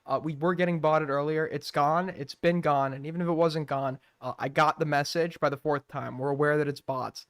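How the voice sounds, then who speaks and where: A man's voice: on the high side, steady tone, brisk, hardly any pauses, no echo, clean studio sound. A man hosting a live stream, mocking what he watches in profane, ranting commentary. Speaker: streamer host.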